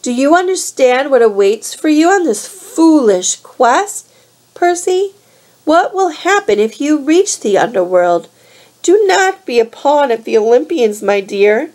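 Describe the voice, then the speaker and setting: A woman voicing an old female monster with snake hair, who speaks slowly in a soft, coaxing purr. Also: high voice, sing-song, voice pushed up.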